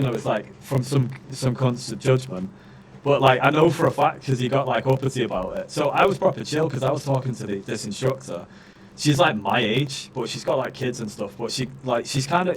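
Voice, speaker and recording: A man's voice: medium pitch, a little hiss or hum. A man streaming live, venting in a casual rant full of fillers and swearing. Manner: swears a lot, ranting with many fillers. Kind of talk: casual chat.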